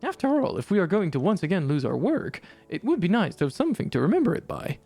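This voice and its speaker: Streamer doing a gentle old worker voice. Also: mid-range voice, big pitch swings, fast, creaky, slightly rough, soft background music, full character voice. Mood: musing. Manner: formal, odd phrasing, refers to himself by name. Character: gentle old male tea-shop worker. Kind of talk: voicing game dialogue while streaming.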